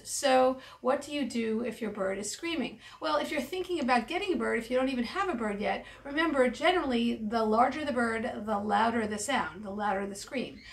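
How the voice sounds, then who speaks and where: A woman veterinarian explaining bird care in a calm, practical educational talk. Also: on the high side, creaky, far from the mic. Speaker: avian veterinarian.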